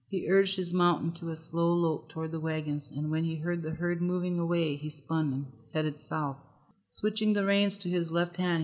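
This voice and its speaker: An audiobook narrator reading a story in a steady, measured way. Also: mid-range voice. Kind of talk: scripted narration. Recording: long hall reverb on the voice.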